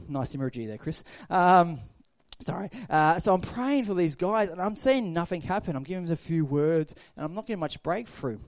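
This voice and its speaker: Male pastor, middle-aged, sermon delivery, warm low-key tone, goes loud then hushed. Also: no room sound. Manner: storytelling preacher, swings from loud to hushed.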